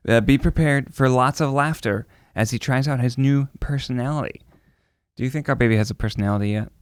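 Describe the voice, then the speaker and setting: A man's voice: mid-range voice, brisk, smooth, no room sound. A man in his thirties co-hosting a parenting podcast, reading baby milestones aloud and joking around in casual chat. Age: 30s. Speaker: podcast co-host, father.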